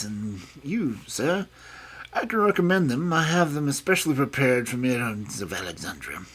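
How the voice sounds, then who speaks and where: A man's voice: medium pitch, a bit bright, breathy edge. A man playing a mincing, fussy old scholar. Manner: mincing, precise speech. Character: frail old male scholar, fussy chain-smoker.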